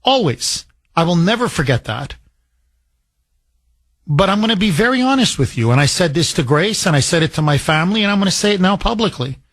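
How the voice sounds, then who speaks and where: Emotional talk radio guy ranting, middle-aged, kinda raspy voice pitched a bit high. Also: animated, a little fast, a bit bright. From Canada. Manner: emotional, heated, preachy. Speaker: radio talk show host.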